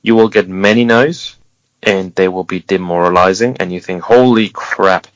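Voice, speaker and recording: A man's voice: low-pitched, fairly even intonation, normal speed, no echo. Earnest man giving advice on a podcast. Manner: earnest and encouraging, with wry humor and restarts. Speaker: interview guest. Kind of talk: candid interview talk, giving advice. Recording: dull lo-fi sound, dry.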